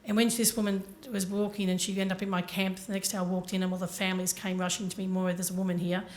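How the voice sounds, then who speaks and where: A woman's voice: mid-range voice, level tone, fast talker. A woman giving a motivational talk to a conference audience, telling her story earnestly and speaking directly to the listeners. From Ireland.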